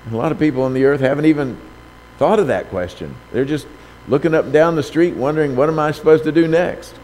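A man's voice: a little high, fast talker, darkish tone. A man preaching a sermon who reads scripture aloud, raises his voice for quoted lines, and keeps asking the listener rhetorical questions. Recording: long hall reverb, faint background noise.

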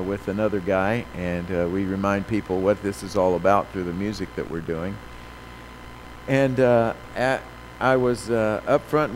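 A man preaching a sermon, reading scripture slowly and with emphasis, then telling folksy stories with many fillers. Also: lowish voice, a little hiss or hum, low-quality recording. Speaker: pastor.

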